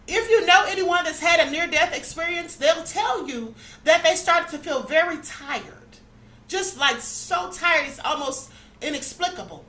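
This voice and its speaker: Woman, high voice, earnest spiritual storytelling, echoey room. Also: bright, forceful tone. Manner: earnest storytelling, often checking in with listeners. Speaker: host of a spirituality channel. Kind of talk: personal spiritual testimony to viewers.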